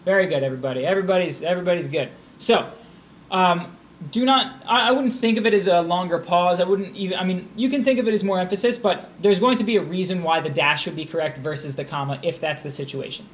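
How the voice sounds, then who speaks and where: A man's voice: high-pitched, fast. A man tutoring test prep on a live stream, explaining grammar step by step while answering his chat.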